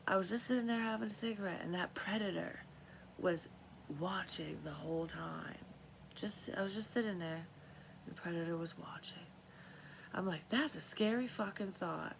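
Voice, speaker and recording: A woman's voice: fairly low pitch, creaky, a little hiss or hum, low-quality recording. A woman telling her dreams in a casual, rambling monologue, swearing freely and often trailing off and restarting. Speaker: vlogger sharing dream readings.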